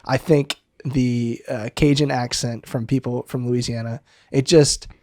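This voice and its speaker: A man's voice: medium pitch, steady tone, unhurried, dark tone, no room sound, clean studio sound. A man with a slight Southeast Texas accent, co-hosting a casual chat in a playful, teasing way and laughing often. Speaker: podcast co-host.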